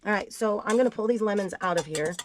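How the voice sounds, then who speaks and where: A woman's voice: mid-range voice, fast talker, a little hiss or hum. Chatty woman under the weather, kitchen clatter. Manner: chatty, blunt, self-deprecating asides. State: sick, voice not at its best. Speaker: gardening vlogger. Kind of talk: casual kitchen how-to chat. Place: home kitchen.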